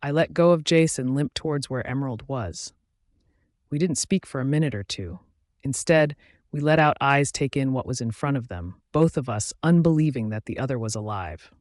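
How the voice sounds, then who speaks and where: A man narrating a first-person audiobook in a steady, even reading voice. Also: mid-range voice, moderate pace, dry recording, clean studio sound.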